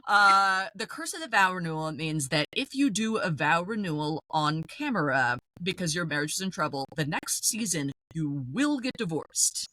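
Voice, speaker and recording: A woman's voice: lowish voice, animated, moderate pace, hardly any pauses, sharp tone, no echo. A woman co-hosting a podcast, recapping with wry, dramatic storytelling. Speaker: podcast co-host. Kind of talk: casual recap chat.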